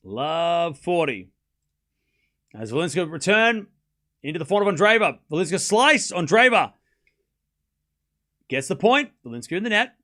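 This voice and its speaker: Bright-voiced Australian man calling tennis. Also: sits high, sing-song, normal speed, long pauses. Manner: chatty, reads chat aloud, laughs often. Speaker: streamer and tennis commentator. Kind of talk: casual live watchalong commentary.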